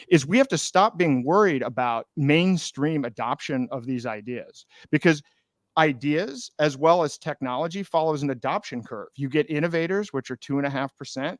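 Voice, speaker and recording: A man hosting a podcast interview, explaining his ideas in a measured way and sometimes restarting phrases. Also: on the high side, no echo, studio quality. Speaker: podcast host. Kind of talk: conversational interview.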